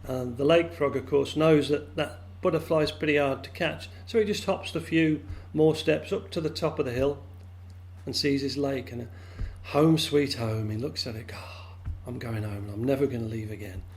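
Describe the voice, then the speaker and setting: A man telling a folk tale to friends over a video call, lively and animated, jumping into high squeaky voices for the characters. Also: normal speed. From England. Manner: lively, acts out frog voices with big pitch jumps. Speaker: storyteller.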